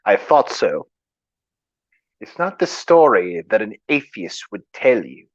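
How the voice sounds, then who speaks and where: Slow, rambling man on lo-fi audio. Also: lowish voice, sing-song, no room sound. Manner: rambling, hesitant, stops and restarts while trying to recall lines. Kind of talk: casual chat. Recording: dull lo-fi sound.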